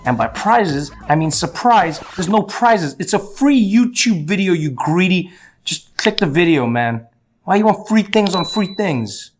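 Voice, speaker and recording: A man's voice: high voice, lively intonation, measured pace, faint music behind. A man speaking to viewers in a casual channel outro, teasing and mock-scolding them. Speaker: comedian addressing viewers.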